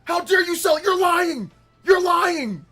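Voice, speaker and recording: A man putting on a shrill ranting fanboy. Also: lively intonation, slow, faint music behind, full character voice. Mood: mocking, shrill. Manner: loud mocking shouts with laughs. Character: shrill ranting male gaming fanboy, insulting. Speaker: livestream host.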